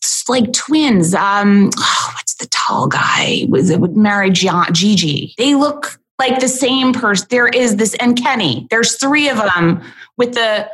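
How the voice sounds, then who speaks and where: Lively young woman comedian chatting. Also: fairly high pitch, unhurried, poor audio. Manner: lively, laughs easily, tosses off jokes. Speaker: comedian guest. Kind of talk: casual comedic chat.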